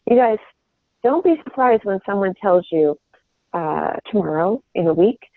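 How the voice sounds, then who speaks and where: A woman's voice: mid-range voice, lively intonation, normal speed, no room sound. A middle-aged woman giving a sales coaching talk from home, earnest and rambling, often restarting her sentences. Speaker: sales trainer. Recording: tinny phone line.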